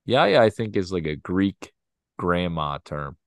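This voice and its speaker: On a dry recording, a podcast co-host in his thirties speaks at a measured pace in a low voice during a casual chat. Telling family stories, he's animated, laughs a lot, and swears.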